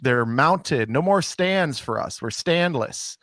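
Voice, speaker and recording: A man's voice: fairly high pitch, lively intonation, takes it slowly, a bit bright, no echo, studio quality. A man co-hosting a comedy podcast, joking in a wry, self-deprecating way and rambling with fillers. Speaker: podcast co-host. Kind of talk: casual comedy podcast chat.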